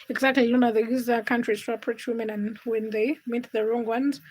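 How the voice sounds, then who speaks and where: A woman's voice: a little high, steady tone, brisk, hardly any pauses, slight background noise, low-quality recording. A woman hosting a casual livestream from her home kitchen, reading viewer comments and teasing her chat while she cooks. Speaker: livestream host.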